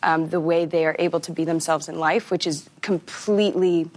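A woman's voice: low voice, steady tone, moderate pace. A woman actor talking casually in an interview, chatty with many fillers and frequent laughter. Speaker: actor guest.

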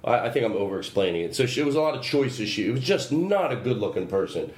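A man's voice: mid-range voice, big pitch swings, quick pace, a little mellow. A man hosting a casual podcast, telling rambling stories with lots of laughter and self-interruptions. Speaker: podcast host. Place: home studio with his dog. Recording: echoey room, faint noise.

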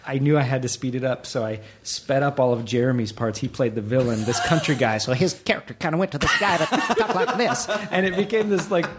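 A man in casual podcast chat who tells stories with lots of energy and laughs easily. His voice sits at an ordinary middle pitch. He talks loosely and playfully with his co-hosts. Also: expressive, fairly quick, hardly any pauses, very noisy. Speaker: podcast co-host.

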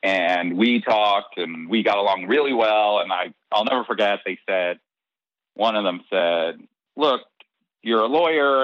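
Speaking slowly in a lowish voice, this male soap opera head writer shares anecdotes in a relaxed interview and animatedly performs the lines of dialogue. The dry, dull lo-fi podcast recording has no room sound.

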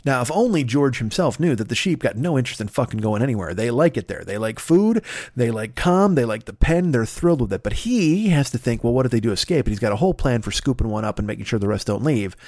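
A man telling a comic story on a podcast, rambling and swearing freely, building into loud mock-epic excitement. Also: medium pitch, fast talker, dry recording, clean studio sound.

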